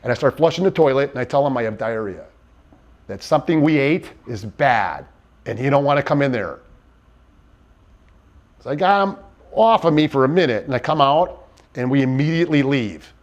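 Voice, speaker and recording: A man in an interview, giving personal testimony in a halting, earnest way with many restarts. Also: mid-range voice, animated, muffled recording. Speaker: interviewee in a docuseries.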